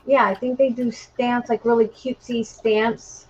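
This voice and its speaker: A woman's voice: a little high, level tone, unhurried, highs cut off, a little hiss or hum. A woman from Texas chatting casually while crafting on a live stream, friendly and full of fillers.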